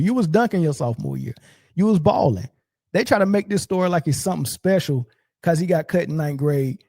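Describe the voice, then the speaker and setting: A man hosting a sports commentary show, ranting in a mocking, profane and animated way. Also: on the high side, fairly quick, no room sound.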